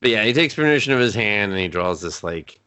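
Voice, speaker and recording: A man's voice: fairly low pitch, animated, a little fast, pushed and bright, clean tone. A man co-hosting a casual movie review podcast, sarcastic and swearing as he mimics the characters. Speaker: podcast co-host.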